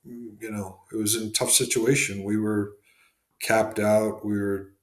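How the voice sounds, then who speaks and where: A man's voice: lowish voice, level tone, a little slow, reverberant. A man telling stories as a guest on a podcast, rambling with lots of fillers and restarts. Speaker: guest, former hockey executive and scout. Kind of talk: casual podcast interview storytelling.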